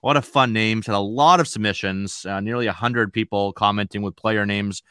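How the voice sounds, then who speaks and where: A man with a New England accent hosting a fantasy baseball podcast in a chatty, relaxed way. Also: fairly low pitch, a little fast, clean tone, dry recording, clean studio sound. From Maine. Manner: chatty, relaxed, rambling with fillers. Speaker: podcast host. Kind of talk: casual podcast chat.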